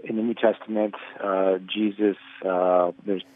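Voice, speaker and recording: A man calls in over a tinny phone line, speaking slowly and haltingly with many fillers. His voice is low and dry. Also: flat delivery. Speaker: caller. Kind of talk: phone-in question.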